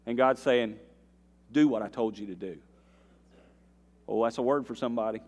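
A male pastor preaching a sermon, swinging between quiet earnest passages and loud, rising bursts, with folksy asides to the congregation. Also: mid-range voice, moderate pace, pauses often. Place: church sanctuary. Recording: long reverb of a church hall.

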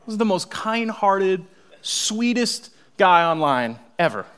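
Animated preacher man, slightly high voice. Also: slow, clear, resonant tone. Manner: animated, swings from loud exclamations to hushed asides. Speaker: pastor. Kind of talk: sermon with humorous story.

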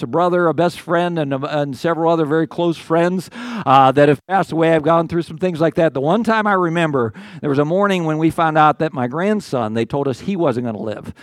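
In this sermon, an older male pastor speaks earnestly and conversationally, his voice sitting high for a man. He often stumbles and restarts, acts out the psalmist's words, and the close, dry recording carries no echo.

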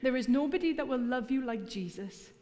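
A woman's voice: high voice, expressive, fairly quick, dark tone. A middle-aged woman preaching a sermon in church, mixing earnest appeals with teasing humor. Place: church hall. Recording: long hall reverb.

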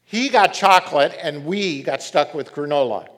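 A middle-aged man preaching a sermon as pastor, reading scripture and telling stories in an animated way. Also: on the high side, normal speed. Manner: animated storytelling, reads scripture aloud.

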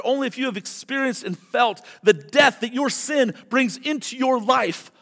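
A man preaching a sermon as pastor, swinging from quiet, low remarks to loud, emphatic declarations. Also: in a large hall.

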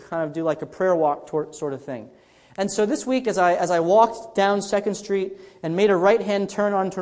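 A man's voice: high-pitched, a little mellow, big-room sound. A man pastor preaching a sermon in a conversational storytelling way, often restarting his sentences.

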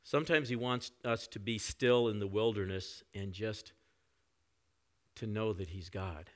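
A male pastor preaching a conversational sermon, often dropping to soft reflective tones. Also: lowish voice, measured pace.

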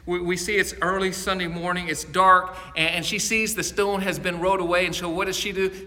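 A man's voice: high voice, pushed and bright, long reverb tail. A male pastor preaching a sermon in an earnest storytelling manner, often repeating words as he goes.

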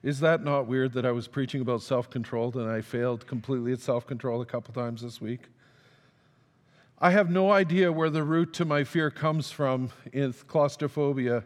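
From the pulpit of a church sanctuary, a male pastor tells a story as a sermon, conversational and self-deprecating, acting out the quoted dialogue. His voice is average in pitch at a normal speed. Long reverb from the large hall rings through the sound.

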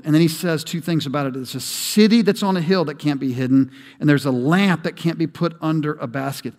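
A man's voice: fairly high pitch, brisk, hardly any pauses. A man preaching a sermon as pastor, talking conversationally and building to emphatic peaks. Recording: long hall reverb.

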